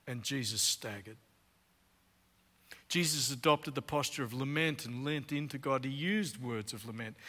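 Bright-voiced preacher in reverberant hall. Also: male voice, on the high side. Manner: earnest, dramatic pauses with swings from loud to hushed. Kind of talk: sermon.

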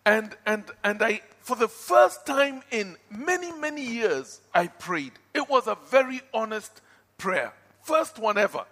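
A man preaching a sermon and telling his own testimony, swinging from loud outbursts to hushed pleading. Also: high-pitched, big pitch swings, measured pace, big-room sound.

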